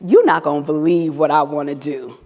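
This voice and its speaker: A woman's voice: sits low, fairly quick, darkish tone, voice pushed down. A woman voicing a shy young woman, her former student, while telling a story from a stage. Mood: subdued. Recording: long reverb of a hall.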